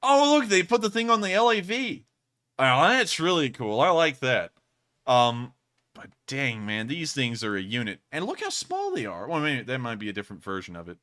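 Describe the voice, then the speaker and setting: A man hosts a casual livestream, reading and answering viewer donations. His voice is bright and forward, and he talks in an excitable, rambling way, full of fillers and restarts. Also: mid-range voice, moderate pace.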